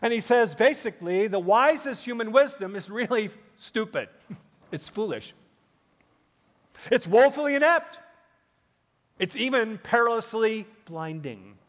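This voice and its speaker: A man in his fifties delivers a Sunday sermon with a noticeably high voice for a man. He talks emphatically, leaning on rhetorical questions and scattered "uh" fillers. His voice rings out with a long reverb across a large church sanctuary. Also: lively intonation, unhurried, long pauses, fairly bright tone. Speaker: pastor.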